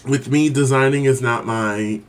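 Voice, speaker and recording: A man co-hosting a casual TV review chat, animated and laughing often, acting out his own reactions in big exaggerated bursts. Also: medium pitch, a little slow. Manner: laughs often while talking. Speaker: co-host of a TV review show.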